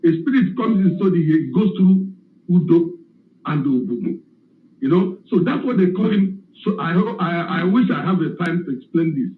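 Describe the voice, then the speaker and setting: Man, caller, emotional, slow emphatic talk, high voice, tinny echoey phone line. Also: expressive.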